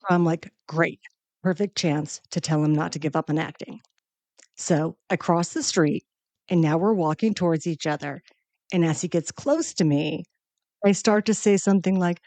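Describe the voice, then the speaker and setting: A woman hosting her own show, telling a comedic personal story in a profane, animated, emphatic way. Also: fairly low pitch, measured pace, no room sound. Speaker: podcast host.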